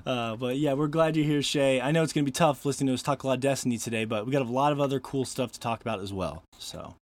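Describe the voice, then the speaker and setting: A man's voice: medium pitch, fast talker, dry recording. A man hosting a casual podcast chat, joking and laughing often as he introduces his co-hosts. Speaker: podcast host.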